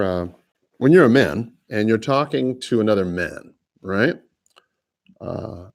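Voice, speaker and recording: Man, lower voice, real estate host, folksy rambling coaching talk, live podcast. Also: darkish tone. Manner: casual, folksy, rambling with restarts. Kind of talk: live phone prospecting session with coaching asides.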